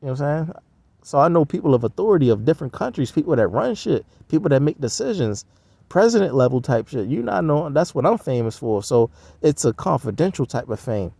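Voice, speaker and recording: A man's voice: on the high side, very animated, brisk, vocal fry, mellow, no echo. A man rambling in a profane, slangy casual monologue. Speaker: vlogger.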